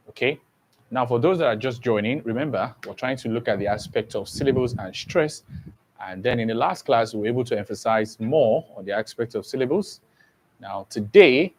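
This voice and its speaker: Man teaching a class. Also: mid-range voice. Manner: repetitive, checks understanding often. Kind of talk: exam prep lesson.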